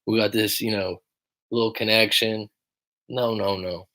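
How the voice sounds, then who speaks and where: Male relationship coach, lowish register, profane and direct, livestream Q&A. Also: fairly even intonation, a little slow, sharp tone. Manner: blunt, profane, emphatic; reads viewer comments aloud.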